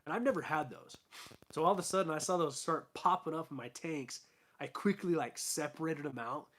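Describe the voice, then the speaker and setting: A young man talks casually to his stream viewers from his fish room at home, rambling through fillers and false starts. His voice sits a little higher than most men's and is starting to wear out and turn hoarse. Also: fairly quick, fairly bright tone. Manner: rambling, chatty, fillers and restarts. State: losing his voice. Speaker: aquarium channel host. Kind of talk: casual live stream chat.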